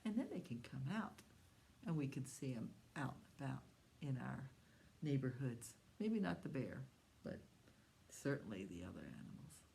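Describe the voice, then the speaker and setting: A woman with a low, deep voice leads a children's storytime at the library. She coaxes the little ones with questions and invites them to join in. She keeps slipping into a soft, hushed whisper. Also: moderate pace, gravelly, a little hiss or hum. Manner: animated, coaxing voice for young children, often dropping to a hushed whisper.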